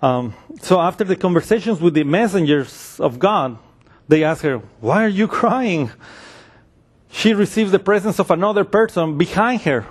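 A man delivering a sermon in a relaxed, conversational style. His voice sits a little high for a man. Now and then he briefly acts out the voices of the people in his story. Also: normal speed, slightly rough. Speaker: preacher.

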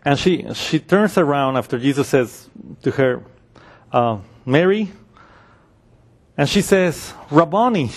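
A man's voice: medium pitch, animated, measured pace. A man preaching a sermon in a conversational way, acting out the voices of the people in his story.

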